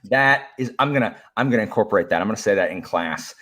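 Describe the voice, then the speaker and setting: A man who teaches history, talking excitedly as a podcast guest and getting worked up as he speaks. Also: fairly low pitch, fast. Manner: excitable, animated, gets worked up. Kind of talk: casual chat.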